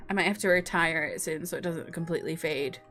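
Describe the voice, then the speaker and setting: A young Scottish woman streams from a room at home, chatting casually with her livestream chat and laughing and swearing now and then. Her deep voice has a fairly bright tone at normal speed, with soft music in the background.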